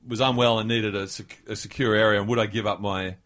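A man's voice: on the low side, fairly even intonation, fast, a bit bright. An Australian man co-hosting a casual radio chat, wry and chuckling, with frequent restarts. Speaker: radio co-host.

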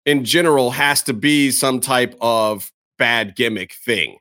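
A man co-hosting a casual wrestling podcast, talking in an animated, emphatic way. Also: medium pitch, a little slow. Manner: animated, emphatic, repeats words. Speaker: podcast co-host.

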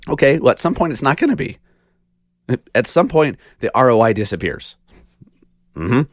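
A man with a deep voice hosting a casual solo podcast, talking bluntly with rhetorical questions and the odd swear word. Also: no room sound, clean studio sound. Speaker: podcast host.

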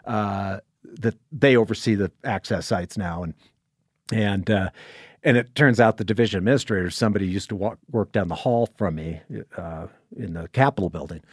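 A man's voice: fairly low pitch, normal speed, no echo, clean studio sound. Older man telling a rambling story. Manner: rambling, with many restarts and quoted dialogue. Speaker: podcast guest. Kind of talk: casual storytelling.

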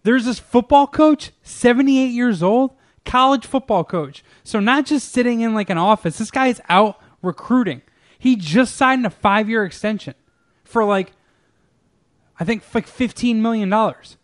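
A man's voice: very high-pitched, normal speed. A young man chatting casually with a friend, telling a rambling, profane story and laughing often. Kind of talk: casual chat.

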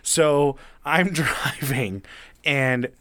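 A man's voice: medium pitch, extremely slow, a bit bright, dry recording. A man in his thirties telling a story in casual chat, swearing freely and acting out the other people in it.

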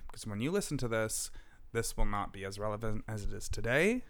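A man's voice: on the low side, fairly bright tone, clear, resonant tone. A man co-hosting a casual podcast, ranting angrily with lots of swearing and nervous laughter. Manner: angry, swearing, laughing between rants. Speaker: podcast co-host.

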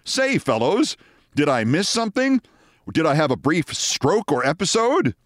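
A man voicing a courtly, suited producer who smooths over arguments with folksy, old-fashioned address. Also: fairly high pitch, big pitch swings, a little slow, a bit bright, no room sound, clean studio sound. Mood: genial. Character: genteel older male producer, suited, smoothly placating.

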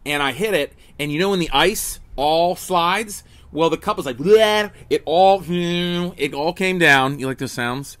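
A middle-aged comedian hosts his daily livestream from a table beside a house, recorded on a phone camera outdoors. His voice sits on the high side with a sharp tone, unhurried yet barely pausing, and there's no room sound. He chats casually and jokily to viewers, rambling with restarts and asides.

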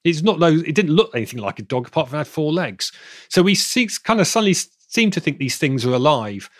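A man's voice: a little high, big pitch swings, fast talker, dry recording, clean studio sound. A man from southern England with a southern English accent, answering interview questions at length as an expert guest, often restarting his sentences. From Bristol, England. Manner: rambling, self-correcting explainer.

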